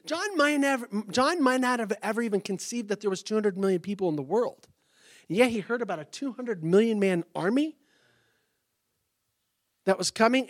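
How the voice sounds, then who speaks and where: A man delivering a sermon in a noticeably high voice. He preaches with animated energy, breaking into exclamations and acting out small conversations to make his points. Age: adult parent. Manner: animated, exclaims and acts out little dialogues. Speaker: pastor.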